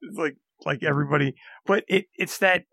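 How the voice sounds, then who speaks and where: A man's voice: on the high side, fairly quick, gravelly, a bit bright, no room sound. A man co-hosting a podcast, chatting casually and rambling with lots of filler words. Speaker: podcast co-host. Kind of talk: casual chat.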